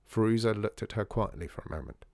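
A man narrating a children's storybook in a calm, measured way, recorded on a close studio mic. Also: on the low side, creaky, dry recording.

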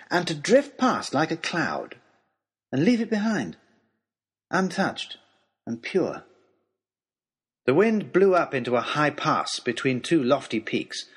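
A man telling a storybook adventure in the first person, reading with expressive, dramatic delivery. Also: on the high side, husky. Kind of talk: scripted first-person narration.

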